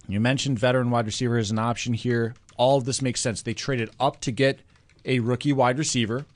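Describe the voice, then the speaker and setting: A man co-hosting a football draft show, casually laying out his reasoning about trades. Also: mid-range voice. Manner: analytical, lays out reasoning. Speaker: co-host. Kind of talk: casual sports talk.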